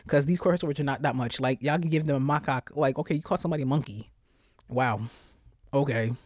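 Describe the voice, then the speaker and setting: A woman's voice: rumbling low, quick pace, no room sound, studio quality. Stuffy-voiced woman hosting a profane podcast. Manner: profane, animated, lots of cursing. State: stuffy, congested from a cold. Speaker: podcast host. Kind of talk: casual solo podcast rant.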